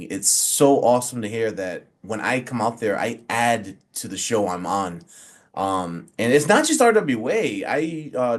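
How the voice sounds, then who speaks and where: Animated forty-year-old man telling stories. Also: lowish voice. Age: 40s. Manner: animated storyteller who acts out quotes, many fillers. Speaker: pro wrestler and referee guest. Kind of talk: casual interview storytelling.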